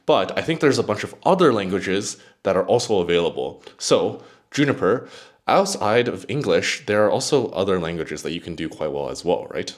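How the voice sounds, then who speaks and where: This is a man with a very low voice hosting a casual tech review. His talk is chatty and lively, rising and falling a lot as he talks straight to an AI assistant. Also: normal speed. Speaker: tech YouTuber.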